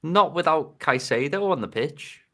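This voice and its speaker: A man's voice: a little high, expressive, a little slow, a bit bright. Male podcast co-host, teasing and chuckly, stammering restarts. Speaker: fantasy football podcast co-host. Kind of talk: casual chat.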